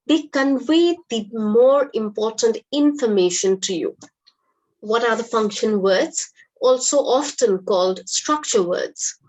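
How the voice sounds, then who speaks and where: A woman's voice: on the high side, low-quality recording. A woman, teaching an online lesson in a patient, encouraging way. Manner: encouraging, patient classroom explaining. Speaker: English teacher. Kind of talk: live online English lesson.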